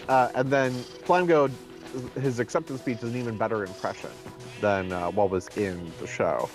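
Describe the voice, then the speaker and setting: A man's voice: medium pitch, normal speed, faint music behind. A man in a casual chat who tells a rambling anecdote full of fillers and acts out what people said. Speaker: co-host.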